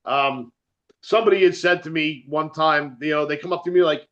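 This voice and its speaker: A man's voice: a little high, a little fast, fairly bright tone, muffled recording. A man with a New Jersey accent, a metal musician chatting as an interview guest, rambling, swearing freely and laughing often. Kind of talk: casual chat.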